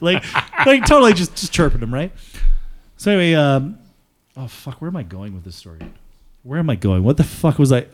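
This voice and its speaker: A man's voice: mid-range voice, animated, fairly quick. Tipsy guy from alberta rambling on a podcast, swears a lot, laughs a bunch. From Alberta, Canada. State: tipsy from drinking. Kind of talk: casual podcast chat.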